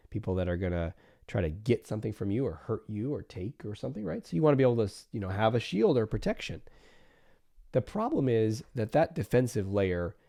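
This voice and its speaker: A man's voice: on the low side, dark tone. A man who is a therapist, hosting a solo podcast and explaining ideas with everyday examples, sometimes acting out what people tell themselves. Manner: explains with everyday examples and acts out inner voices.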